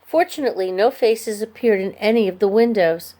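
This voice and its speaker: Woman narrator for a children's chapter book, expressive, mid-pitched voice. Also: a little fast. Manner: storybook reading, expressive. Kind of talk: scripted narration.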